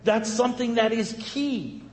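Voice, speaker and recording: A man, a Catholic priest, telling a story in a sermon with a lively, conversational manner and emphatic bursts. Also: very high-pitched, a little slow. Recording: echoey hall, faint ambience.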